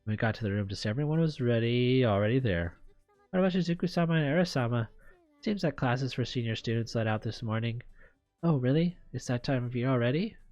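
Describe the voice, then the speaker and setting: A woman's voice: extremely low pitch, fairly quick, a little mellow, dry recording, dull audio, faint music behind. A woman streamer reading a visual novel aloud, with playful, crude asides between the narration.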